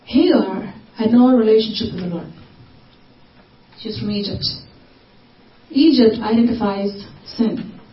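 A woman's voice: mid-range voice, unhurried, long pauses. A woman preaching a sermon, repeating phrases for emphasis and acting out desperate cries. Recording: echoey, distant, dull lo-fi recording.

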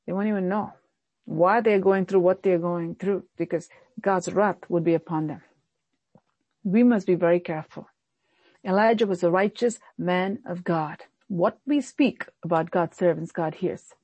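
A woman pastor delivering a sermon in an earnest preaching manner, often dropping low and soft to stress a point. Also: a little slow, no room sound, lo-fi sound.

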